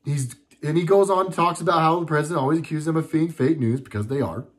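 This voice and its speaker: A man's voice: fairly high pitch, fast talker. A young adult man from the United States giving a casual political commentary monologue, indignant, sarcastic and rambling.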